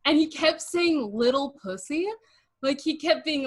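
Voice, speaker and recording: A woman's voice: sing-song, measured pace, pushed and bright. A young woman hosting a podcast, telling stories in casual chat with lots of giggling and acted-out quotes. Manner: giggly storyteller, acts out quotes in a low voice. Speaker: podcast host.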